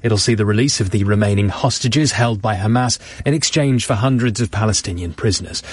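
A man reading radio news headlines in a measured, formal way. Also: medium pitch, husky, dry recording. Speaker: newsreader.

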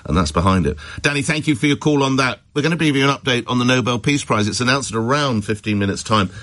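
A man hosting a talk radio phone-in, brisk and opinionated, getting over a cold. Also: mid-range voice, expressive, fairly bright tone. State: recovering from a cold.

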